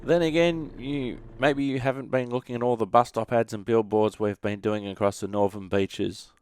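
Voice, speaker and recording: A man's voice: fairly low pitch, steady tone, moderate pace, darkish tone, slight background noise. An Australian man hosting bus simulator gameplay, answering viewer questions with dry, joking humour. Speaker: YouTube gaming host.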